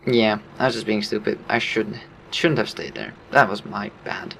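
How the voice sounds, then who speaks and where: A man giving casual commentary over his own gameplay, relaxed, laughing often and explaining his moves. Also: on the low side, gravelly, slight background noise.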